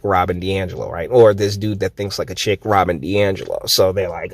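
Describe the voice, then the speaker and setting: A man's voice: fairly low pitch, normal speed, dry recording. A man in his thirties ranting sarcastically as a vlogger, swearing freely and restarting his sentences often. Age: 30s. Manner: sarcastic, profane, many restarts. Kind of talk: ranting commentary.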